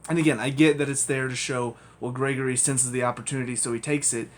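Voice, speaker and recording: A man's voice: medium pitch, steady tone, quick pace. A man giving a casual spoken TV review, rambling and hedging with frequent ums and restarts.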